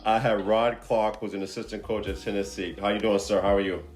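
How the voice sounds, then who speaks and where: A man's voice: on the low side, steady tone, fairly quick. A man hosting a basketball podcast, loose and joking, laughing easily and fumbling through his questions. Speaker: podcast host. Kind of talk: casual podcast interview. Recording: roomy echo.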